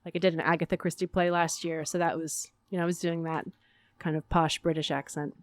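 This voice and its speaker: A woman from Arizona chatting as a guest in a radio interview, upbeat and quick to laugh at herself. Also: sits low, flat delivery, dry recording. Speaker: guest, stage actor. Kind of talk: casual interview chat.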